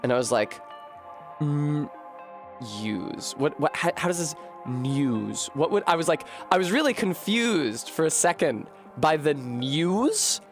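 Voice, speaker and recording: A man's voice: on the high side, animated, a little slow, soft background music. Rambling, swearing male game streamer. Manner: rambling, swears freely, self-deprecating. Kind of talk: casual live-stream commentary.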